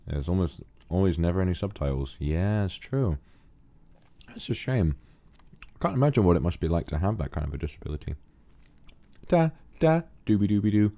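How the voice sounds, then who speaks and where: A man with a British accent chatting casually on a stream, reading donations, rambling and laughing often. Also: low-pitched. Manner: relaxed, rambling, laughs often, hums to himself.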